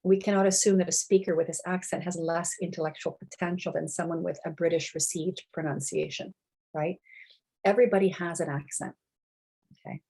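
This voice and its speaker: Lecturing woman, lower voice, chatty. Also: fairly even intonation, fairly quick, vocal fry, warm tone, breathy edge, low-quality recording. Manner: conversational, with frequent "right?" and "okay?" check-ins; many fillers and restarts while thinking aloud. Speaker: university lecturer. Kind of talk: recorded lecture.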